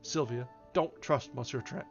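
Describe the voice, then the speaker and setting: A man's voice: medium pitch, measured pace, gravelly. A man voicing a saucy, teasing young woman. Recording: slightly dull, faint music behind.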